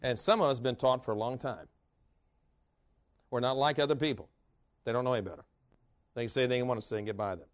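A male preacher giving a sermon in a church, telling folksy personal stories with animated delivery and bursts of laughter. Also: mid-range voice, fast talker, long pauses.

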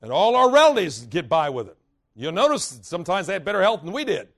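Here a man preaches in church, spinning folksy stories from his own life with lively delivery and sudden laughter. His voice is high and he talks fast.

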